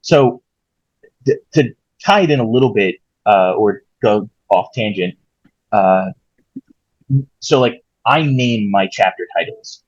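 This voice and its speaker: Husky-voiced man musing on a podcast. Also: fairly low pitch, lively intonation, takes it slowly, pauses often, dry recording. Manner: thoughtful, rambling, reflective. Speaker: podcast co-host. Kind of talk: casual chat. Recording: slightly dull lo-fi mic.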